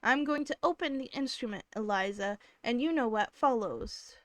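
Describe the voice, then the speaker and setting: A woman's voice: a little high, animated, normal speed, no echo, lightly acted. A woman reading a sensible, playful young friend. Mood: teasing.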